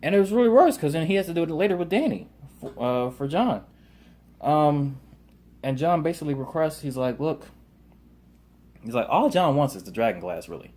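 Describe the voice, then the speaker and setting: A man's voice: fairly high pitch, animated, moderate pace, long pauses, a little mellow. A man casually recapping a TV episode, rambling with lots of fillers and loosely paraphrased quotes. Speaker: TV show reviewer.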